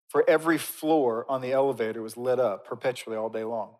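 A man preaching a sermon in a conversational, emphatic way, swinging from loud bursts down to quiet, slow stresses. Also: medium pitch. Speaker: pastor.

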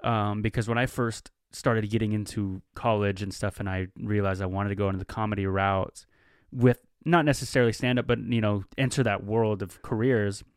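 A man's voice: fairly low pitch, steady tone, normal speed, clean tone, no echo, clean studio sound. A man hosting a casual chat, talking reflectively with loose fillers.

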